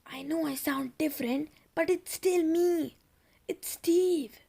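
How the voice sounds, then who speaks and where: A woman reading the lines of a shaken boy whose voice has turned into an old man's dry croak. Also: high voice, slow, mellow, voice pushed up, exaggerated voice. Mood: pleading, shaken. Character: boy trapped in croaking old-man mask. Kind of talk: audiobook character reading.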